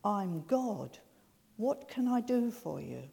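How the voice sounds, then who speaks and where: A woman voicing God in a joke, answering in a calm, kindly, matter-of-fact way. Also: medium pitch, takes it slowly, vocal fry, heavily acted.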